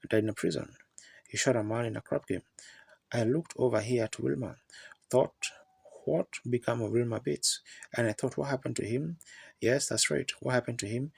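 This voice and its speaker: Man preaching, heavy gravel, very rough and husky, folksy storyteller, dry close sound. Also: mid-range voice, no room sound. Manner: folksy storytelling with plain rural grammar. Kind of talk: sermon.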